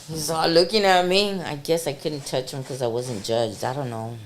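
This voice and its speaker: A middle-aged woman, a podcast guest, telling a dramatic story in a casual, animated way. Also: sits low, normal speed, slight background noise.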